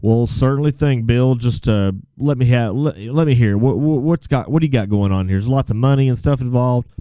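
A man's voice: medium pitch, a little fast, mellow, no echo, natural voice. A man playing a rambling call-in radio advice host with a put-on Texas drawl, stumbling folksily over his words. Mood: folksy. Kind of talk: comedic call-in radio sketch.

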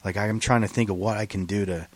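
A man's voice: on the low side, steady tone, fast. A man co-hosting a podcast, talking bluntly and teasing his friend, with plenty of swearing. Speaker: podcast co-host. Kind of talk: casual banter.

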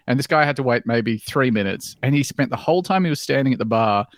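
Man, mid pitch, sarcastic quips, dry close mic. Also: animated, no echo. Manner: wry, sarcastic, quick asides. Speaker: bartender. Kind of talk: casual chat.

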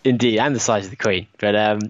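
A man's voice: on the low side, quick pace, dull audio, slight background noise. A man, co-hosting a casual podcast with joking, playful banter. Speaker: podcast co-host. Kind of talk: casual chat.

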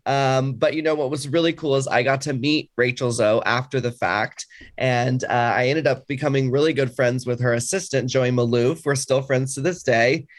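A man co-hosting a podcast in casual chat, animated and gushing, laughing easily as he talks. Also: medium pitch, normal speed. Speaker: podcast co-host.

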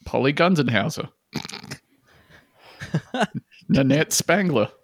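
A man's voice: on the high side, animated, slow pace, husky, no echo, studio quality. A man co-hosting a casual comedy podcast, reading out a list of funny names and chuckling between them. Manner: reads out silly names with amused chuckles. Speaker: podcast co-host.

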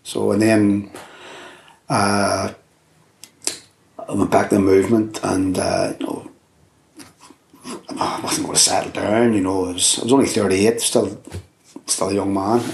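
Older man, Belfast accent, low pitch, rambling storyteller, roomy echo. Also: a little slow, vocal fry, pauses often, slight background noise. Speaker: interviewee. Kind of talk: oral history interview.

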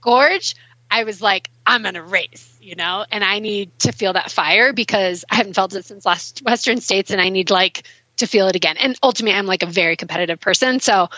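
A young adult woman talking as a guest on a casual podcast interview, animated and emotional, speaking in quick bursts. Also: mid-range voice, no room sound. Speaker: guest ultrarunner. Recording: muffled dry recording.

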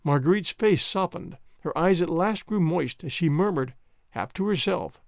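A man narrating a historical novel as an audiobook, with expressive, dramatic storytelling. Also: high-pitched, moderate pace, vocal fry, dry recording, studio quality. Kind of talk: scripted narration.

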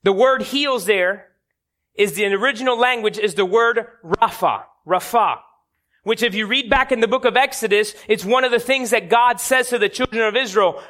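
A man's voice: sits high, moderate pace, pushed and bright. A man preaching a sermon, telling stories dramatically and building to emphatic peaks.

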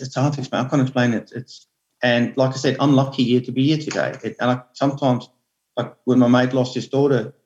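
A man telling an earnest, halting story as a guest spearfisherman, often repeating his words. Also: mid-range voice, a little mellow, muffled recording. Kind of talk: emotional storytelling.

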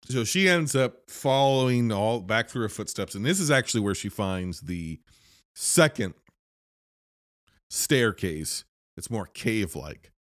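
A man with a fairly low voice talks through a horror film's story in a loose, rambling way. He fills his sentences with "like" and restarts. The sound is dry and close, with no room echo. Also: unhurried. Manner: rambling, filler-heavy, lots of "like". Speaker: film reviewer. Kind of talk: casual movie recap.

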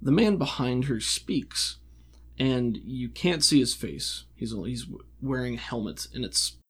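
A man working as game master, narrating a tabletop role-playing game in a relaxed, descriptive way with frequent fillers. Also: mid-range voice, a little slow, breathy edge.

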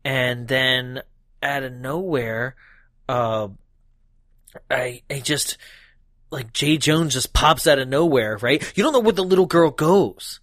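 A man's voice: mid-range voice, slow, no room sound, clean studio sound. A man co-hosting a casual podcast chat about a horror movie, laughing often and acting out scenes. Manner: animated, laughing, acts out scenes. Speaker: podcast co-host.

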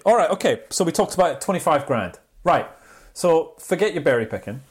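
A man's voice: fairly high pitch, lively intonation, husky. A man hosting a podcast, steering the chat and reading quotes aloud. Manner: leads topics, reads quotes aloud, quick reactions. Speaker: podcast host.

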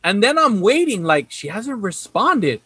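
Host, man, high bright voice, dry close sound, laughs and curses through casual storytelling. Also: sing-song, unhurried, breathy edge, no echo. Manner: laughs often, swears, rambling storyteller. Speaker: podcast host. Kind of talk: casual chat.

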